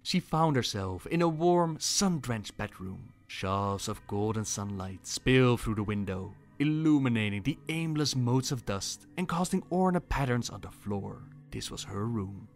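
A male voice actor reading a fantasy story aloud in a measured, dramatic style. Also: medium pitch, expressive, faint music behind. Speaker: narrator, voice actor. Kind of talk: scripted story narration.

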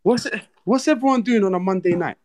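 A man's voice: high voice, fast talker, slight background noise. A man hosting a livestream, chatting casually in slang and bantering with viewers. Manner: laid-back, slang-heavy, banters with viewers. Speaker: livestream host.

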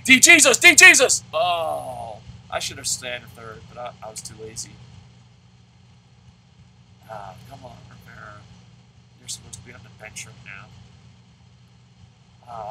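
A man in his thirties commentating his own video game play at home, excitable and swearing, shouting at the game between rambling talk about his goals. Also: mid-range voice, vocal fry, background noise. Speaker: gaming video host.

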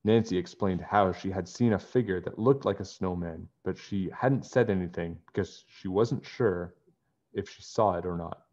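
A man with a deep voice reads a children's chapter book aloud. He tells it in a friendly, expressive way. The recording is dull and lo-fi. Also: normal speed. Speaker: storybook reader.

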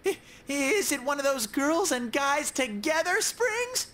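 A man's voice: extremely high pitch, big pitch swings, a little slow, fairly bright tone, heavily acted. An actor voicing a cheerful, childish bear-like male mascot in a video game, bubbly and eager. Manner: bubbly, eager, sing-song. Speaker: game character. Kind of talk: English game dub. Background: game music.

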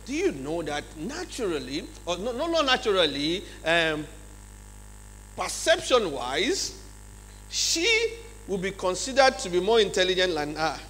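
A man with a Nigerian English accent giving a lively leadership seminar talk in a large church hall, often checking in with his audience. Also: high-pitched, measured pace, soft background music. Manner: acts out examples in changed voices. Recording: long hall reverb, faint mains hum.

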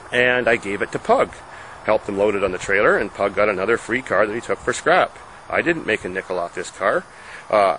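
A man's voice: fairly low pitch, a bit bright, slight background noise, rough recording. A man who runs a farm vlog, telling a long story about a dispute in his own casual way, explaining his side outdoors. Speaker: farm vlogger.

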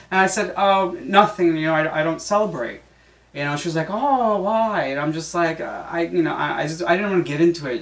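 Male sub host, rambling conversational delivery, mid pitch, recorded at a distance in an echoey room. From Greek heritage. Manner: chatty, halting, many fillers and restarts. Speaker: substitute host. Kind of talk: casual solo talk.

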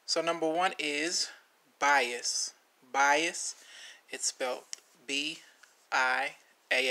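A man hosting a vocabulary video, naming each word, spelling it letter by letter and repeating it, with relaxed asides. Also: mid-range voice. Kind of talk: slow spelling lesson.

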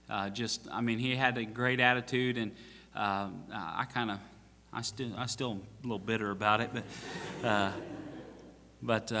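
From the pulpit, a male pastor tells a rambling story that pokes fun at himself, joking along with many "uh"s and restarts. His medium-pitched voice carries a bright, tense edge, and the church sanctuary's long reverb trails after each phrase.

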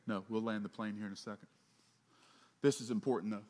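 A pastor delivering a sermon in a conversational way, with asides, swelling for emphasis and dropping soft on key points. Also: male voice, fairly even intonation. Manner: conversational preaching with asides and quick jokes; rises in pitch and volume for emphasis, drops low and soft on closing points.

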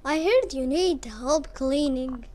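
A man putting on a meek, polite caller's voice, speaking slowly and softly as someone offering to help clean. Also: very high voice, a little hiss or hum, voice pushed up.

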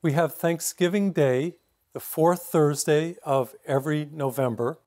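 A man's voice: fairly high pitch, a little slow. Priest in his sixties preaching a sermon. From Massachusetts. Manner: storytelling, steady and reflective.

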